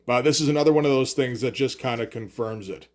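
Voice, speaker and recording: A man's voice: medium pitch, quick pace, darkish tone. A man casually recapping and critiquing a comic issue in an offhand, rambling way with lots of fillers. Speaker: comics commentator. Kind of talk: casual comic read-through.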